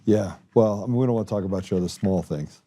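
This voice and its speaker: A middle-aged man hosting a podcast, bantering casually and telling stories in an animated, jokey way with frequent laughs. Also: on the low side, fast talker. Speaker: podcast host.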